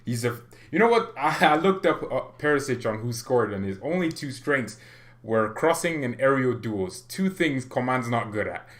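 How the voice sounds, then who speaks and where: A man's voice: mid-range voice, animated, normal speed, fairly bright tone. Chatty, rambling male football vlogger. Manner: chatty, joking, rambling with self-interruptions. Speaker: football fan channel host. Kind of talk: casual vlog commentary.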